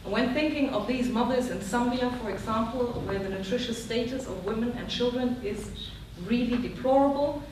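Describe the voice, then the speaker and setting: A woman's voice: on the high side, fairly quick, hardly any pauses. A woman in the audience at a panel discussion, speaking earnestly and pragmatically. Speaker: audience member. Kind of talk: public panel discussion comment. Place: large lecture hall. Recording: echoey hall, distant mic, noise.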